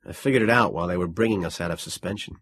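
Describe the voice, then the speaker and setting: A man reading a weary, wry traveler just off a starship in an audiobook, in a quiet, tired, dryly joking voice. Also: low-pitched, very fast.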